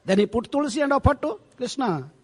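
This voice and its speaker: A man's voice: extremely high pitch, big pitch swings, a little fast, slightly rough. A man, a swami giving a storytelling scripture lecture in a temple hall, chatty and checking in with frequent rhetorical "eh?". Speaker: preacher, swami. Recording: long hall reverb.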